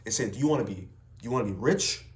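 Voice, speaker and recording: Speaking fast with lively intonation in a mid-range voice, this young vlogger and salesman delivers an unscripted personal rant to camera. He is blunt and emphatic, cursing heavily, and the sound is roomy.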